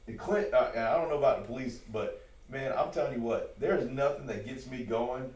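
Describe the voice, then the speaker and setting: A man's voice: mid-range voice, brisk, a little mellow. A man hosting a podcast, chatting casually and animatedly, with many "like"s and repeated words. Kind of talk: casual chat. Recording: roomy sound from a distance.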